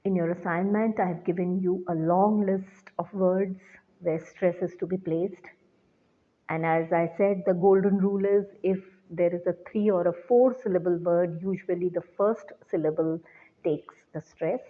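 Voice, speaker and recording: A woman teacher giving a recorded lecture, explaining slowly and deliberately to students. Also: on the low side, fairly even intonation. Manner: slow, deliberate classroom explanation. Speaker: English teacher. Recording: tinny phone-like sound.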